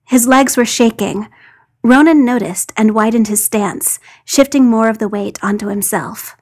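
A woman reading a fan story aloud with lively storytelling. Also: a little high. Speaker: podfic reader. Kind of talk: scripted narration.

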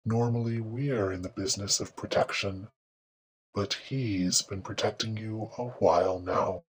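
A woman reading fiction aloud and voicing a towering, serene angel that speaks very deep, hushed and slow. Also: steady tone.

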